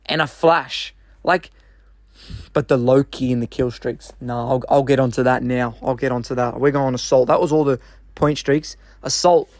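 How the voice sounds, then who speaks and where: A man's voice: fairly high pitch, a little mellow, no echo, studio quality. Exasperated man ranting about a game. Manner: exasperated, swearing, blunt; rambling with restarts and sighs. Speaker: gaming commentator. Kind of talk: unscripted rant.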